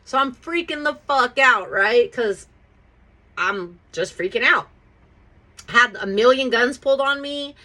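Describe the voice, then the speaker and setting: A woman hosting her own podcast, telling a personal story in a casual, profane, animated way and often checking in with "right?". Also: a little high, measured pace.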